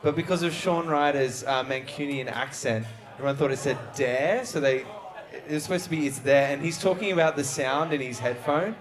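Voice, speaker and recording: Guy running a live quiz night, bit higher voice, quick with the questions, crowd loud behind him. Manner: reads questions briskly and jokes with guests. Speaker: quiz show host. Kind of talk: live trivia show hosting. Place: live venue before an audience. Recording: live show with crowd audible. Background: audience crowd.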